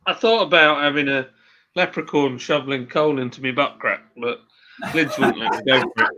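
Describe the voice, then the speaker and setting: A man's voice: mid-range voice, normal speed, sharp tone, slight background noise. A man hosting a casual live stream, chatting with a friend, joking and reading out viewer comments. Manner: chatty, jokey, rambling.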